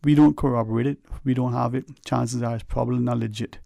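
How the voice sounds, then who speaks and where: A man's voice: medium pitch, steady tone, fast, creaky, dark tone, no echo. A man hosting a radio talk show, rambling and folksy with lots of "you know", earnestly advising listeners from a studio microphone.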